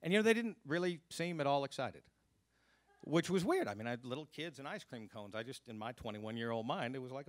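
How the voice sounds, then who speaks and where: A man telling a personal story on stage at a live storytelling event, earnest, sinking to hushed low tones at grim moments. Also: lively intonation, quick pace, dry recording, clean studio sound.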